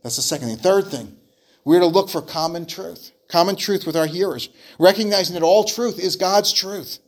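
A man's voice: high-pitched, moderate pace. A man preaching a sermon, telling an illustration story in an earnest way and often repeating words as he restarts phrases.

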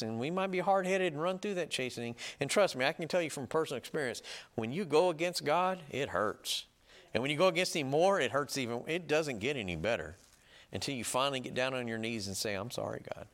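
A man preaches with a lively, swinging delivery that sits a little high for a man. He leans hard on his points, checks in with his listeners again and again, and slows down to read scripture out loud. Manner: emphatic, repeats "right?" and "okay?" to the listeners; reads scripture slowly and loudly. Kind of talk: sermon teaching.

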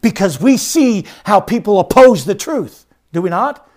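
A pastor preaches a sermon, swinging between loud, emphatic declarations and hushed, stressed words in a repetitive preaching cadence. His voice sits high and is animated, at normal speed.

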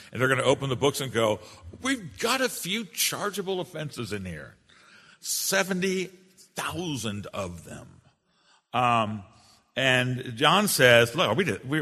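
A man's voice: mid-range voice, pushed and bright, in a large hall. A man giving an earnest, emphatic sermon-style teaching, often restarting his sentences as he explains a confession of faith.

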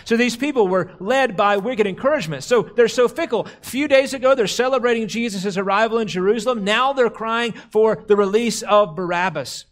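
A man preaching a sermon as a pastor, slowing down and dropping low to stress key words. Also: a bit bright. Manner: slows and drops low for emphasis, quotes crowd cries dramatically.

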